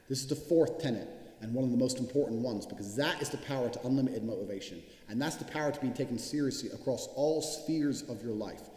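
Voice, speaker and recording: A man's voice: medium pitch, darkish tone. A man giving a blunt, profane motivational speech, hammering his points home with repetition. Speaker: speaker giving a motivational talk. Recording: echoey hall with long reverb.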